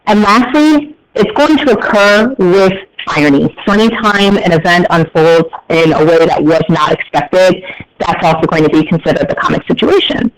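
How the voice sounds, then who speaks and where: A man's voice: sits high, expressive, moderate pace, slight background noise, rough recording. A man with an American accent teaching a class, explaining terms in a chatty way with joking asides to his students. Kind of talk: classroom lecture.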